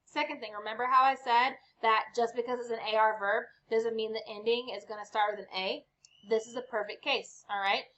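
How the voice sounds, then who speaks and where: Slow chatty lady teaching spanish at home, kinda high voice, dull-ish audio. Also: fairly even intonation, a bit bright. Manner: upbeat, chatty, says okay often. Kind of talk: online language lesson. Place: home with lawnmower outside.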